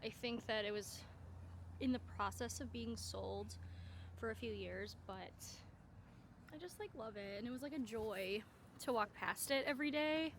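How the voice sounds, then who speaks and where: A woman's voice: a little high, normal speed, a bit bright, slight background noise. A young woman vlogging in a chatty, rambling way, full of filler words. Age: young adult. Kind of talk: casual vlog chat.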